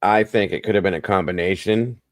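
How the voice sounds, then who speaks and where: A man's voice: deep voice, fairly quick, no room sound. A man hosting a live stream, chatting casually with his viewers and often calling them guys, while he has the hiccups.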